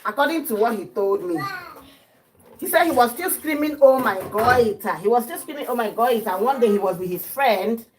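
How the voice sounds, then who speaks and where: A woman with a Nigerian accent, chatting as a livestream host in her home kitchen, telling a story with lively acted-out quotes. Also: a little high, moderate pace, slight background noise, rough recording. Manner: lively, acts out quotes, mixes in pidgin.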